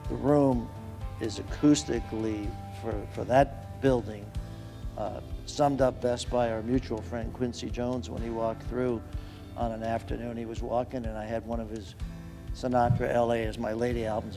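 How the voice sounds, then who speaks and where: A man giving an anecdotal speech at an event, animated and acting out the quotes in his story. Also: mid-range voice, normal speed, music in the background. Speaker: event speaker.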